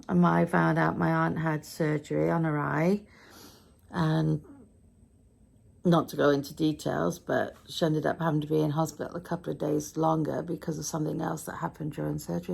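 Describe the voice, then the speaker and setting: Tired, gravelly British woman vlogging. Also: low voice, darkish tone. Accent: British English. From Britain. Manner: chatty, rambling, self-deprecating. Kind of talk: casual day-in-the-life vlog. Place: home.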